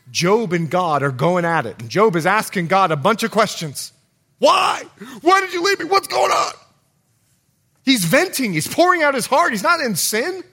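Dramatic, high-voiced male preacher. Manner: dramatic preacher, swings from loud calls to hushed low lines. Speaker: pastor. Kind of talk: sermon. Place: church.

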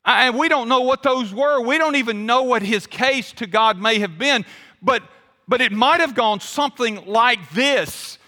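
A man's voice: very high voice, unhurried, bright, forceful tone. A man pastor preaching a conversational sermon, quizzing the congregation. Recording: long hall reverb.

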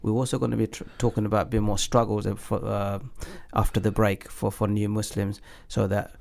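Man, radio host, hesitant with fillers, somewhat low voice, studio talk. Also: level tone, brisk, creaky, a little mellow. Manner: hesitant, many fillers and restarts. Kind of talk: community radio talk show.

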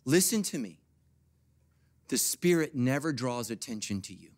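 Animated middle-aged male pastor preaching. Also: moderate pace, no echo. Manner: animated preaching, swings from soft asides to loud high bursts. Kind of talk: sermon.

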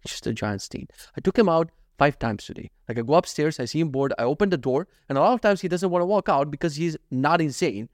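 A man rattles through a casual solo podcast rant at a rapid clip. His voice sits fairly high for a man, and he swears freely and keeps calling the listener "dude". The sound is close and dry, with no room around it. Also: expressive, dry recording. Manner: profane, exasperated, says dude a lot. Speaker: podcast host.

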